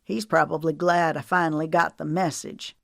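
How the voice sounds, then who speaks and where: A woman's voice: low voice, fairly even intonation, moderate pace, creaky, no echo, studio quality. A woman voicing an older, remorseful husband who turns earnest and drawling in an audiobook romance.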